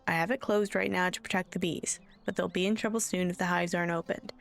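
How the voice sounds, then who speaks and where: A woman's voice: on the low side, steady tone, fast, gravelly, soft background music. A woman voicing a worried, practical hobbit beekeeper who talks in a folksy, plainspoken way. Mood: earnest. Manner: folksy, plainspoken, countrified grammar.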